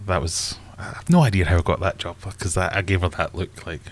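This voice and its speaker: A Scottish man hosts a casual live stream for his aquarium channel, talking about fish-keeping in a low, fairly quick voice. He rambles and jokes at his own expense as he thinks out loud.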